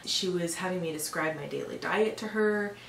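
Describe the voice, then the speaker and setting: A woman's voice: fairly low pitch, normal speed, vocal fry. Chatty woman telling a personal story. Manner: chatty, lots of fillers, exasperated when retelling. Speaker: vlogger. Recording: echoey room, a bit far from the mic, faint hiss.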